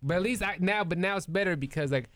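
Fast-talking animated man telling stories. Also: high-pitched. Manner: animated, acts out family members' voices. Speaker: comedian and podcast host. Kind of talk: casual storytelling chat.

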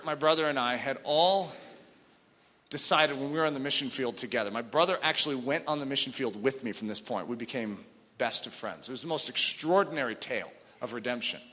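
A man preaching a sermon through a personal story, swinging between hushed, tearful passages and loud outbursts. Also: fairly high pitch. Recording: long hall reverb.

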